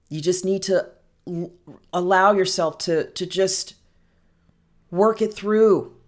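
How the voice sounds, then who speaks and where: A woman giving a heartfelt self-help talk as a healing coach, speaking gently and soothingly and calling the listener honey. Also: mid-range voice. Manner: affectionate, calls listener honey and girl.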